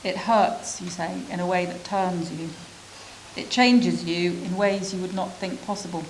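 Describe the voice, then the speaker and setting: A woman reading a literary prose story aloud at a measured, reflective pace, with pauses between phrases. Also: fairly low pitch, steady tone, a little hiss or hum, low-quality recording. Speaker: reader of a refugee's story.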